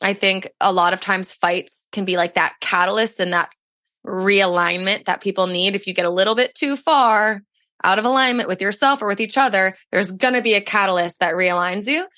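A woman's voice: medium pitch, moderate pace, sharp tone, dry recording, studio quality. A young adult woman, a podcast guest, telling a personal story in casual chat and saying "like" often. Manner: chatty storytelling, heavy use of "like".

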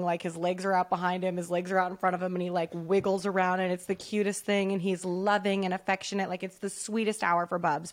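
A woman co-hosting a podcast in casual chat, swearing freely and acting out voices in her stories. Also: mid-range voice. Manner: expressive, profane, acts out voices in stories. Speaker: podcast co-host.

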